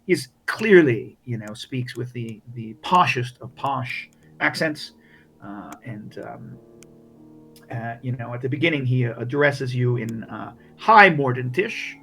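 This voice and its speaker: A man's voice: mid-range voice, measured pace, gravelly, bright, forceful tone, husky, faint music behind. A man narrating as game master, rambling with many restarts. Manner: rambling, full of fillers and restarts.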